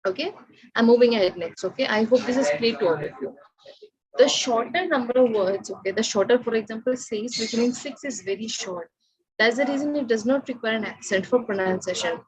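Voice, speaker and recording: A woman teaching a language lesson, her voice a little high. She keeps checking on the students and pressing them to raise their hands, and the noise of a crowd is plain behind her. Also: a little fast, low-quality recording. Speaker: Spanish teacher. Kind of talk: online class lecture. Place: classroom or online class session.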